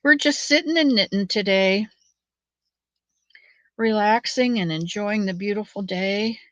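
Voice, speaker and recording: At home, a knitting channel host chats to her viewers in a knit-along monologue, spinning folksy stories that wander from topic to topic and sometimes dropping into a soft mutter as she works. Her mid-range voice is unhurried, and the recording is dry, slightly muffled and echo-free.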